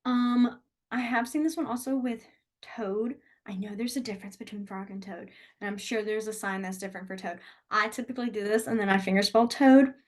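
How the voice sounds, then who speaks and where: A woman teaching a beginner sign language class over a video call from a small room, explaining step by step in a chatty way and laughing often. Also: medium pitch.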